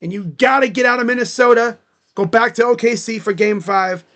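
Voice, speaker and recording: High-voiced man calling a game live. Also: a little fast, fairly bright tone. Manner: casual, rambling, heavy use of "like". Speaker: live reaction streamer. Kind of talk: live play-by-play reaction commentary.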